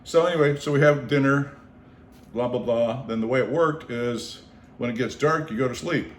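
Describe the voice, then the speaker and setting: A man from Seattle telling a long story in casual conversation. He is animated, acts out the voices of the people in it and swears freely. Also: mid-range voice, normal speed. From Seattle, United States. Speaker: storyteller on his own show. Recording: roomy echo, faint background noise.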